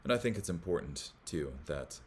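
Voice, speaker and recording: A man hosting a Bible study, reading commentary aloud in a measured way, with small slips that he corrects as he goes. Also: deep voice, expressive, a little hiss or hum.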